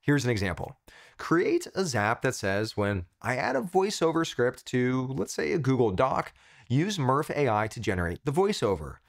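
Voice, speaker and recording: An enthusiastic male host walks viewers through software in a scripted review. His voice is of middle pitch and swings widely in lively, animated phrasing, with quick punchy asides. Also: creaky. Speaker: tech tutorial host. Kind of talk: upbeat scripted product review.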